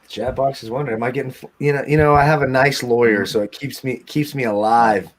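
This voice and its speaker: A man's voice: mid-range voice, fairly even intonation, quick pace, slight background noise. Joking man cursing through live sports chat. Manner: joking, swears, self-mocking. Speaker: sports betting show host.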